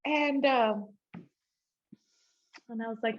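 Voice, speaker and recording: Telling her testimony to a church group, this woman, an abuse counselor and youth mentor, speaks at a moderate pace in a medium-pitched voice, and the audio is dull. She's lively and informal, acting out recalled conversations, laughing a lot, and addressing listeners directly as y'all and guys.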